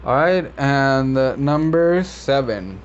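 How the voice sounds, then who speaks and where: Slow-talking man explaining terms, lo-fi. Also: mid-range voice. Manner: relaxed, rambling, frequent fillers and self-corrections. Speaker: medical interpreter teaching vocabulary. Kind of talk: casual explainer video. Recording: slightly dull lo-fi audio with faint background noise.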